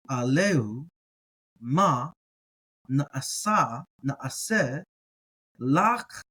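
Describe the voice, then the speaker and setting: A man teaching a relaxed, casual language lesson, carefully sounding out each word slowly and repeating it, with encouraging asides. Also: a little high, husky, poor audio. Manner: relaxed, encouraging, thinks aloud with fillers. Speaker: Hebrew teacher.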